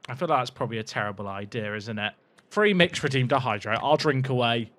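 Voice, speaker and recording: A young man giving excitable, jokey commentary while playing a racing game, talking to his chat and shouting at his drivers. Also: mid-range voice, fast talker, no echo. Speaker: gaming video creator. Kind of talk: casual gameplay commentary.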